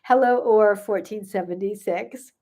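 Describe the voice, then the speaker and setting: A woman's voice: medium pitch, unhurried, mellow. An older woman, a gut health coach, chatting casually on a live stream, answering viewer questions with frequent fillers and laughter.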